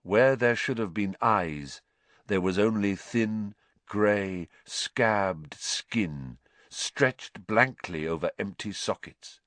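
Slow, dramatic male storyteller. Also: on the low side, a bit bright, dry recording. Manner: measured and dramatic. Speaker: audiobook narrator. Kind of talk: scripted storybook narration.

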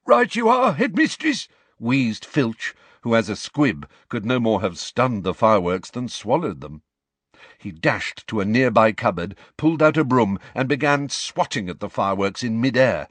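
A man reads a storybook aloud with expressive, animated delivery and a lowish voice. The sound is dry and close, with no room sound. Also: moderate pace, no room sound. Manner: expressive, plays all characters. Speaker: audiobook narrator. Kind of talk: scripted storybook narration.

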